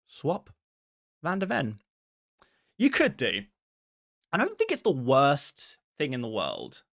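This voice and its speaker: A man hosting a live stream chats casually and answers viewer questions one after another in a friendly, quick way. His voice sits at a middle pitch. The sound is dry and close, with little room echo. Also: huge pitch swings, vocal fry, fairly bright tone.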